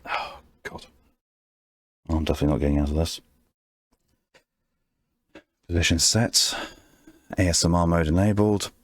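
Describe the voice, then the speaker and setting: A man streaming his art, talking softly in an ASMR-style murmur right on a close microphone, rambling to himself as he draws. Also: low voice, moderate pace, long pauses, no echo. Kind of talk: soft ASMR-style stream chat while drawing. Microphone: very close desk microphone. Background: faint background music.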